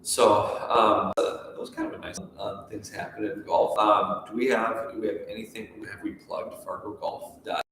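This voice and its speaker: A man's voice: on the low side, level tone, normal speed, few pauses, a bit bright, slight background noise. A man co-hosting a casual golf talk show, chatting in a rambling way with many restarts. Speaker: golf pro co-host. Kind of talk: casual chat. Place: room at a golf course. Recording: echoey room, mic far off.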